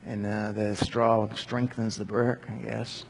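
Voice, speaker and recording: A man's voice: fairly low pitch, little pitch movement, slow, vocal fry, few pauses, husky. A man giving a casual Bible commentary with conversational asides. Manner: conversational with asides and acted quotes. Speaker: Bible teacher. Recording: long hall reverb.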